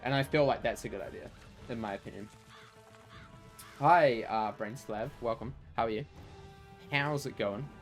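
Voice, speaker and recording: Soft music plays as a male game streamer in a mid-range voice talks at a moderate pace, pausing often. His casual chatter rambles along, heavy on fillers like "like" and "you know."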